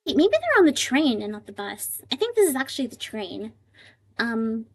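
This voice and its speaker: Woman, live-stream chat, thinking aloud, slightly high voice. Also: big pitch swings, normal speed. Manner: thinks aloud while translating, many fillers, emotional. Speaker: livestream translator.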